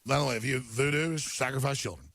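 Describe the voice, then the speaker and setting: A man's voice: mid-range voice, fast talker, fairly bright tone. A man hosting a talk show, ranting emphatically through news headlines and stumbling over repeated words. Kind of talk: talk radio monologue reading headlines.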